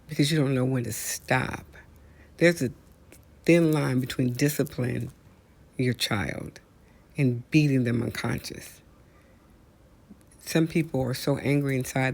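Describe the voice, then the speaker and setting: A man's voice: a little high, creaky. A man hosting his own show, delivering an outraged, preachy monologue full of rhetorical questions. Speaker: host. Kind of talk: impassioned monologue.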